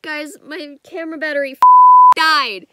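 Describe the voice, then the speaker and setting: A woman's voice: fairly high pitch, measured pace, heavy background noise. A woman giving casual reaction commentary, chatty and rambling, often breaking off mid-sentence. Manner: chatty, rambling, self-interrupting. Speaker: reaction video creator.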